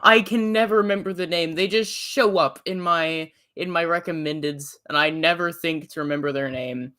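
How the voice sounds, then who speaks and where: Bright-voiced streamer telling stories all animated, laughing a lot. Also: mid-range voice, normal speed. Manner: animated storytelling, laughs often, retells others in quotes. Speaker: co-host and streamer. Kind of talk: casual chat.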